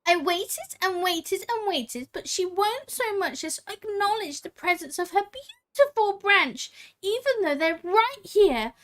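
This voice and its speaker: Fey spirit, high and grand, as a woman reads her aloud: teasing, haughty, slow delivery. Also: expressive, a bit bright, heavily acted. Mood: wounded pride.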